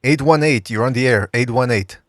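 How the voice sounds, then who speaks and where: A man's voice: medium pitch, fairly quick, no room sound. Brief: male call-in host, casual and jokey, dry close sound. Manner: jokey, taking calls. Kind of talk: casual podcast chat.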